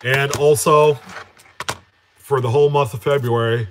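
A man's voice: mid-range voice, unhurried, pauses often. A man hosting a casual live stream for his coin collecting channel, talking in an easygoing, conversational way. He greets viewers by name, answers their comments, and wanders from point to point, with plenty of fillers and restarts along the way. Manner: chatty, reads out and answers viewer names; relaxed, with frequent fillers and self-corrections.

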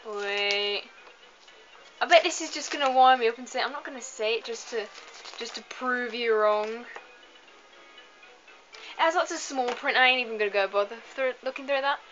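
A young woman with a bright, forceful voice, chatting tiredly and self-mockingly over gameplay. She trips over long words and laughs it off. Faint game music sits behind a slightly dull, lo-fi recording. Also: on the high side, normal speed, pauses often. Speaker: let's play host. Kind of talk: casual gameplay commentary.

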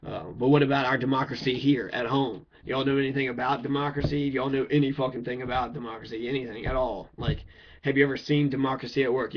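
A man from Kentucky with a mid-range voice goes on a heated, profane political rant. He is blunt, swears, and fires off rhetorical questions, captured on a dull lo-fi recording.

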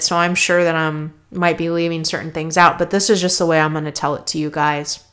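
Low-pitched woman, motivational podcast. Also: a bit bright. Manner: conversational, frequent "right?" tags. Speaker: podcast host, health coach.

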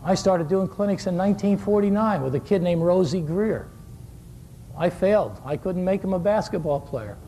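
A man's voice: high voice, animated, normal speed, mellow, a little hiss or hum. A man in his sixties coaching basketball shooting at a clinic, a folksy storyteller who jokes and repeats his key words. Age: 60s.

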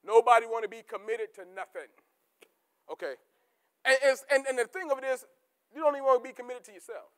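A man preaching a sermon as pastor, repeating key words for emphasis and swinging between shouted peaks and low, quiet asides. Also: fast talker, long pauses, clear, resonant tone. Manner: rising to shouts, then dropping to low asides.

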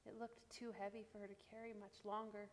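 A woman reading a Christmas picture book aloud to children, with a gentle, expressive delivery. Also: mid-range voice, a little fast, big-room sound. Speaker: children's storyteller.

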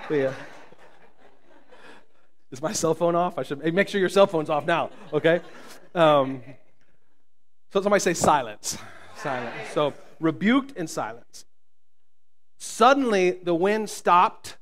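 A man preaching a sermon as pastor, swinging from loud, booming lines to quiet hushed ones and joking with the congregation. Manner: jokes with the congregation. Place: church.

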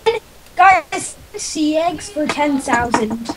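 A young female gamer chatting while she plays, halting and full of questions. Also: sits high, expressive, noisy background. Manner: halting, asks a lot. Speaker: gaming friend. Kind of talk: casual game chat.

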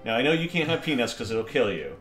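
A man's voice: mid-range voice, sing-song, fast, fairly bright tone, faint music behind. Rambling, joking man in an echoey room. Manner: rambling, joking, easily sidetracked. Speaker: gamer playing a video game. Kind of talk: casual let's-play banter.

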